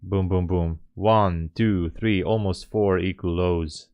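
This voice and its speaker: A man's voice: low voice, steady tone, slow, a little mellow, lo-fi sound. A man giving live trading commentary, thinking aloud in a muttering, joking way full of fillers. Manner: muttering, joking, self-talk with sighs and fillers. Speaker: day trader streaming live trades.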